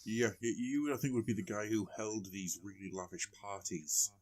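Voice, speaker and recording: A man's voice: fairly low pitch, normal speed. A man co-hosting a podcast in casual chat, rambling and joking as he tells stories. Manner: joking, rambling, lively storytelling. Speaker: podcast co-host.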